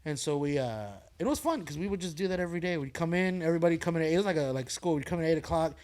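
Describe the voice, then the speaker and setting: Brief: comedian man swapping stories on a podcast, loud and profane, often laughing, a touch high-pitched. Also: animated, rapid-fire, a crowd in the background. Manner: loud, laughing, profane storyteller acting out voices. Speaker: comedian guest. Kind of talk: casual podcast storytelling.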